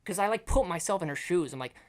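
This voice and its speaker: A woman co-hosting a podcast in casual chat, retelling scenes with animated quoted voices. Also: lowish voice, fast. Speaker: podcast co-host.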